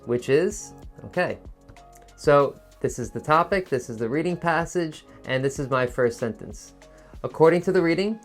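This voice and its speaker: A man teaching a test-prep lesson in a patient, encouraging teacher voice, explaining step by step. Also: medium pitch. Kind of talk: instructional video lesson.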